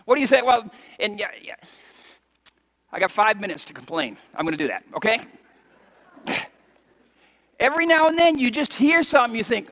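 A man preaching a sermon as pastor, impassioned, swinging from shouts down to soft, intimate lows. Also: lively intonation, moderate pace, pauses often, long reverb tail.

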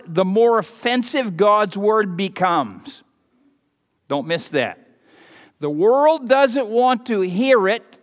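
A fervent male pastor preaching in a church sanctuary, his voice sitting high for a man. Long reverb trails his words through the hall. He swings between loud, stressed points and quiet, offhand asides. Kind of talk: sermon.

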